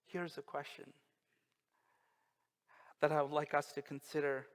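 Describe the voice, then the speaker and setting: A male pastor preaching a sermon, slow and emphatic, with dramatic pauses and quiet drops. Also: fairly high pitch, level tone, clean tone. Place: church sanctuary. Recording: long reverb of a church hall.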